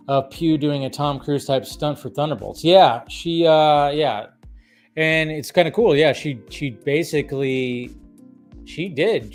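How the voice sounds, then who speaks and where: Rambling man hosting a casual livestream. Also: mid-range voice. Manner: rambling, repeats himself, many fillers. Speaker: livestream host. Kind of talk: casual live-stream chat.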